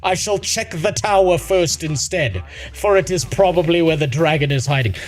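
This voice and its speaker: Earnest game hero in mock-Shakespearean diction, voiced by a man; slow, solemn, raised pitch. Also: soft background music, close to an everyday voice. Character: earnest archaic-speaking male game hero.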